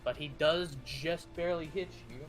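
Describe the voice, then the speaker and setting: A man's voice: a little high, normal speed, soft background music. A man narrating and running a tabletop game as game master, describing actions with lots of fillers and restarts. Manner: narrates actions with frequent fillers and self-corrections.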